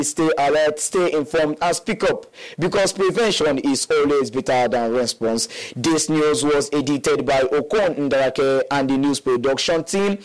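A man reading the morning news in a steady, formal way on a campus radio station. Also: on the high side, low-quality recording. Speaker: newsreader.

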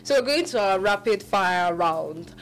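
A woman hosting a live radio call-in show, animated, often laughing and restarting her sentences. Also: medium pitch, unhurried, a little hiss or hum.

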